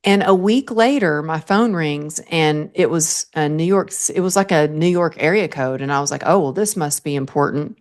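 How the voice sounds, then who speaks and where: Earnest low-voiced woman podcast host. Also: normal speed, hardly any pauses. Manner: earnest, animated, laughs often. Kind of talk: casual interview storytelling.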